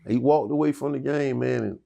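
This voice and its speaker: Man, middle-aged, gravelly, mid pitch, profane, rambling interview guest. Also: fairly quick, mellow. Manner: profane, rambling, with many restarts. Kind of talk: candid storytelling interview.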